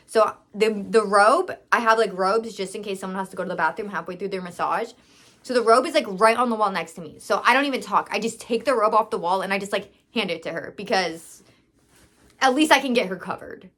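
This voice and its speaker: A woman's voice: medium pitch, a little fast, fairly bright tone. A young woman telling a storytime in a chatty, filler-heavy way, acting out her own thoughts and quoting others. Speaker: storytime vlogger, massage business owner. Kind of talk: casual storytime.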